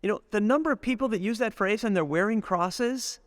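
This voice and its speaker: A middle-aged man giving a spiritual retreat reflection, deliberate and storytelling, slowing down to linger on lists of words. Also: high-pitched, no echo, clean studio sound. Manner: storytelling, acts out everyday speech. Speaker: retreat speaker.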